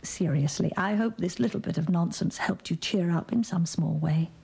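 Husky English woman telling a comic story. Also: moderate pace, mellow. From England. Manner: storytelling, playful, acts out squeaky childish quotes. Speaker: celebrity greeter. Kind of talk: comic recorded greeting.

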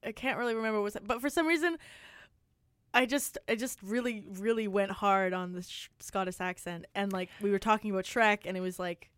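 A woman's voice: mid-range voice, brisk, a bit bright, clean tone, no room sound. A young woman co-hosting a radio show, chatting casually with lots of fillers and giggles. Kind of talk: casual chat.

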